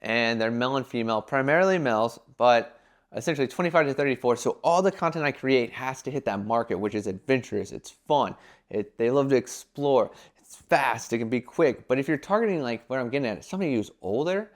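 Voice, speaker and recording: A young man giving casual business advice in a vlog, talking animatedly and filling his talk with "like" and quick acted-out quotes. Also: mid-range voice, expressive. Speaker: entrepreneur giving brand advice.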